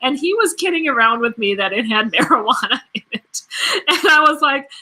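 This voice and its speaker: A middle-aged woman hosts a casual livestream and reads out viewer comments. Her voice is very bright and a touch high. She giggles often and fills pauses with ums. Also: expressive, rough recording. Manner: giggly, chatty, with many fillers and laughs. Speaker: host of a cruise livestream.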